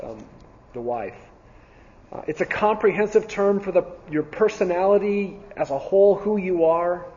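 A man's voice: a little high, warm tone. Guy teaching bible class, earnest, lots of ums, echoey hall, kinda muffled. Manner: earnest, repeats phrases, many ums and restarts. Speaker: church teacher. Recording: dull sound with long reverb in a hall.

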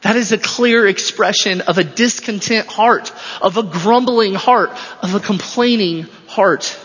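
A high-pitched male pastor delivers an emphatic sermon and drives his points home through repetition. His voice rings out with a long hall reverb, and the recording sounds dull and lo-fi. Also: unhurried, fairly bright tone, husky. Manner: emphatic, repeats phrases for stress. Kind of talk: expository sermon.

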